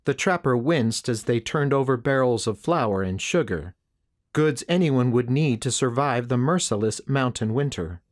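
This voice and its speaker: Speaking in the first person, a man reads an audiobook at a steady, measured pace. He has a mid-range voice.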